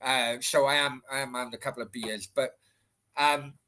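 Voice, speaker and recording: A Welsh-accented man with a medium-pitched voice keeps a steady, bright, forceful tone at a moderate pace. During his casual late-night livestream Q&A he rambles chattily in response to chat, swearing freely with many restarts.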